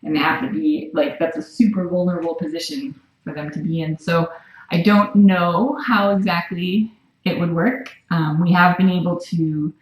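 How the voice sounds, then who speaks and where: A woman's voice: on the low side, fairly even intonation, moderate pace. Cooing woman on a far shelter cam. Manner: soft, cooing baby talk to a cat, often whispered. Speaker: cat rescue worker. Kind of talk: casual talk to a live stream camera. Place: small room in a cat rescue shelter. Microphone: room camera mic from across the room. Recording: echoey room, voice from far off. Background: faint room noise and cats.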